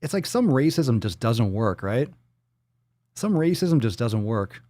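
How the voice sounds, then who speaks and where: A man's voice: mid-range voice, very animated, unhurried, dark tone, dry recording. A man hosting a livestream, reading out viewer donations and messages in casual, profane chat full of jokes and riffs. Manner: joking, profane and riffing off-the-cuff. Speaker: livestream host.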